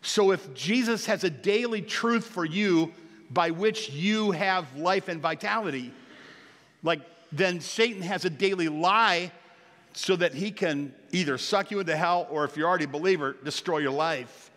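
An older male pastor delivers a sermon in an earnest, exhorting way. His voice sits somewhat high for a man and climbs on the points he stresses. A long reverb trails each phrase. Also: normal speed, fairly bright tone. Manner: earnest, exhorting, rises in pitch on key points.

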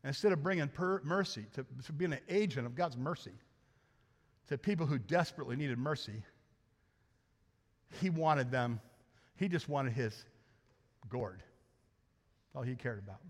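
A man's voice: medium pitch, normal speed, pauses often. A man preaching a sermon as lead pastor in a church, talking in a conversational, joking way and asking the congregation rhetorical questions. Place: church sanctuary. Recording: long church reverb.

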